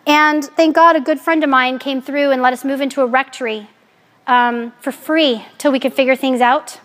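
High-voiced, candid woman giving a faith talk. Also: normal speed. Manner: candid, animated, joking. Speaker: Catholic speaker. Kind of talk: personal faith talk to an audience.

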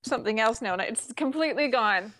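A woman's voice: on the high side, animated, a little fast, a bit bright, no room sound. A woman telling a comedic rant in a casual, exasperated way, swearing often and laughing between sentences. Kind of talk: comedic ranting storytelling.

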